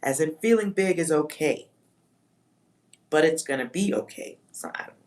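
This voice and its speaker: A woman's voice: deep voice, lively intonation, moderate pace, a little mellow. A woman doing a live-stream psychic reading for her chat, talking in a musing way, reading out words, spelling some of them and swearing offhand. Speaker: livestream psychic reader.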